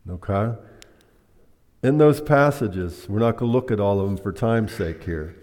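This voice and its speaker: A man's voice: lowish voice, measured pace, darkish tone. A man preaching a sermon, teaching by asking the congregation questions. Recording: long hall reverb.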